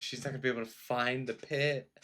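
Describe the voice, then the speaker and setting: A woman streamer reacting to a gameplay video, expressive and talking back to the screen. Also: a bass voice, fast. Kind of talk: reaction commentary.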